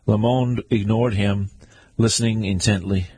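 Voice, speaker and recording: A man narrating an audiobook in a steady, plain reading. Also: lowish voice, a little slow, husky.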